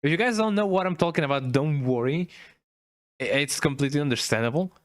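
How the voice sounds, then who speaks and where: A man's voice: fairly high pitch, fast talker, no echo. A young man, casually commenting as he plays a game and rambling on with "eh?" tags. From Mexico. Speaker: gaming streamer.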